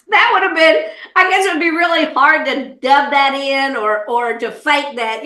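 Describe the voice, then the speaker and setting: A middle-aged woman with a Southern US accent, an animated, folksy comedian chatting in an interview. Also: high voice, unhurried, hardly any pauses, reverberant. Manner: animated storyteller, laughs often, folksy. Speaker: comedian and actor, interview guest. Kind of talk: casual interview chat.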